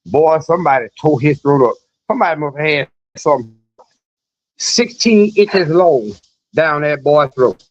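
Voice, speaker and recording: A man with a high-pitched voice hosts a live news stream, reading articles aloud. He keeps breaking off into loose, mocking commentary with chuckles and restarts. The audio is dull and lo-fi. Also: moderate pace.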